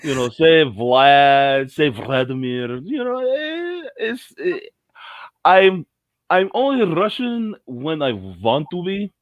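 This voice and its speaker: A man's voice: a little high, sing-song, quick pace, a bit bright, no echo, voice pushed up. A man doing a comic Russian voice in broken English, joking and playful. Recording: muffled lo-fi audio.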